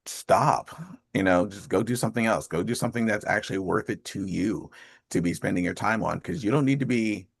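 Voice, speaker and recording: A man's voice: on the low side, a little fast, gravelly, slightly rough, dry recording, studio quality. A man in his fifties hosting a group call, chatting casually in a rambling way and laughing often. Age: 50s. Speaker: host of an accountability call.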